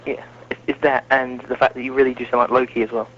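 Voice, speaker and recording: A fast-talking wrestling podcast host with a medium pitch and little movement in his voice chats casually and makes fun of himself. It's captured in muffled, lo-fi audio.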